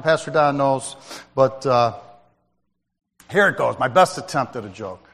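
A man with a mid-range, slightly bright voice talks at normal speed in a large hall. As a lay speaker, he offers a sermon-style testimony at church, narrating casually and naming listeners as he goes.

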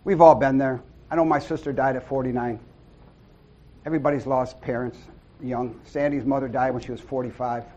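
A middle-aged man giving an informal sermon to a small church group, earnest and folksy, with loud whoops and amens. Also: medium pitch, steady tone, fairly quick, muffled recording. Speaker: lay preacher.

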